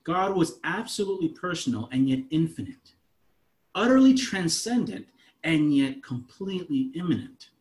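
A man in his thirties, a pastor, preaching a conversational sermon that moves between soft asides and emphatic lines. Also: a little high, very animated, moderate pace.

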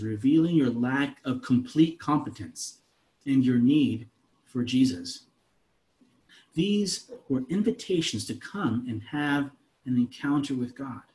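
A man in his thirties, a pastor, preaching a conversational sermon that moves between soft asides and emphatic lines. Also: mid-range voice, animated, a little slow.

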